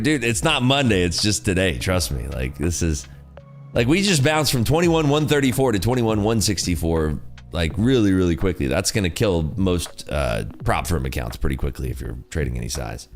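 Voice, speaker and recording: A man's voice: sits low, very animated, normal speed, faint music behind. A man hosting a day-trading livestream, talking casually and rambling through market chatter with lots of "like" and "you know".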